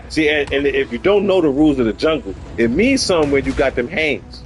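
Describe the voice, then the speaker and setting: A man tells a comic story on his live stream, swinging from loud bursts to mumbled asides. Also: medium pitch, animated, a little fast, faint music behind. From New York.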